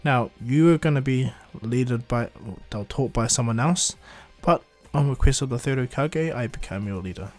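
Man playing a laid-back young ninja sensei, steady, reassuring, mid-pitched, faint music behind. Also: moderate pace, few pauses, close to an everyday voice. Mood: friendly. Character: calm young male ninja teacher.

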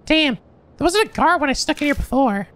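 High girly voice for a curious young woman in a game, guy doing falsetto. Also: expressive, brisk, a bit bright. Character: curious young woman classmate exploring a ruin.

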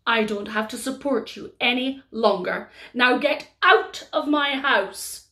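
A woman storyteller voicing a cold-hearted stepmother who speaks slowly and harshly. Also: on the high side, sharp tone, heavily acted. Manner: slow and cold.

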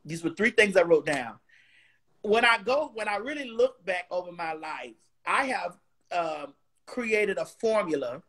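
A talk-show guest, a woman with a bright, clear voice who talks emphatically. She stumbles and restarts words and quotes scripture like a preacher. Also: lowish voice, animated, measured pace. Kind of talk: casual interview chat.

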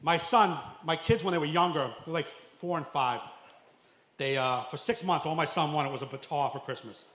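A stand-up comedian, telling stories loudly on a club stage, acting out quotes and shouting punchlines. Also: male voice, fairly high pitch, moderate pace. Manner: loud storytelling with acted quotes, shouting punchlines. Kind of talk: stand-up set. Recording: echoey club room, faint noise.

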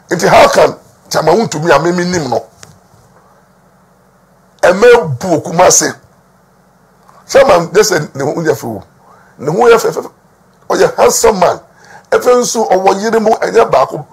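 A man's voice: sits high, animated, normal speed, creaky, pauses often, slightly rough. A man with a Ghanaian accent giving emphatic gossip news commentary, repeating words for stress and mixing Twi with English. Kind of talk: talking-to-camera gossip commentary.

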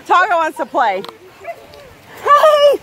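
A woman's voice: sits high, sing-song. A woman, a vlogger coaxing her dog and laughing often, recorded outdoors by a waterfall on a handheld camera. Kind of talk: casual vlog chatter. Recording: loud rushing water noise.

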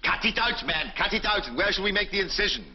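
A man's voice: animated, fast talker, a little hiss or hum. An actor playing a blustering, bullying senior surgeon lecturing his students, in a 1950s film. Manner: booming, bullying, theatrical. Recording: dull old film soundtrack.

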